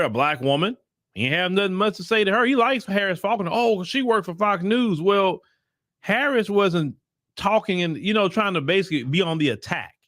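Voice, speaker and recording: A man's voice: high-pitched, fairly bright tone, no room sound, studio quality. A man hosting his own channel, giving opinionated political commentary in blunt, casual talk and repeating his points for emphasis. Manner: casual vernacular talk to viewers.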